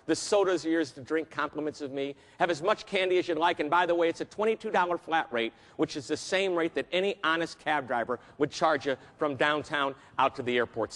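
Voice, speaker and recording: Man playing a hospitable Texan cabbie: slow, very deep drawl, heard from a distance. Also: a bit bright, long reverb tail, close to an everyday voice. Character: friendly deep-voiced Texan male cab driver.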